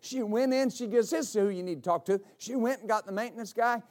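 A middle-aged male pastor tells a story during a sermon, his voice pitched high with a darkish tone. He stops and restarts often, and those halting starts build into emphatic declarations.

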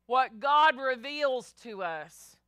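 A woman pastor preaching a sermon, animated, acting out biblical voices and calling the congregation y'all. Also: high voice, slow pace, no echo, clean studio sound.

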